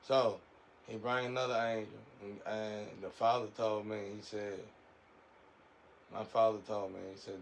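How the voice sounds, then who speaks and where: A man's voice: on the low side, fairly even intonation, moderate pace, a little hiss or hum, poor audio. A man giving a rambling, preachy spiritual monologue in a casual way, often repeating his words.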